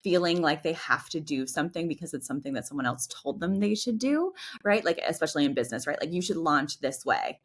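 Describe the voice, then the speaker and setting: A woman with a low, deep speaking voice, talking on a podcast as a guest coach. She explains things in loose, chatty speech, leaning on "like" and "right?" as she goes. She slips into little acted voices when she quotes people. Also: animated, fast talker. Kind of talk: casual explanatory chat.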